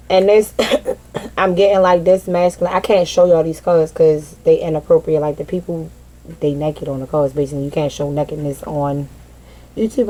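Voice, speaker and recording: A woman with a low, mellow voice giving a casual tarot reading straight to her viewers. She talks bluntly and swears freely. Her talk is full of "like" and "you feel what I'm saying?". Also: low-quality recording. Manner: blunt and profane, heavy on "like" fillers. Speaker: tarot reader.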